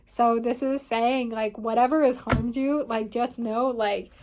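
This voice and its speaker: A woman's voice: a little high, steady tone, a little slow, noisy background. A woman giving a casual tarot reading, rambling and filling her talk with "like" and "you know what I mean". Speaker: tarot reader.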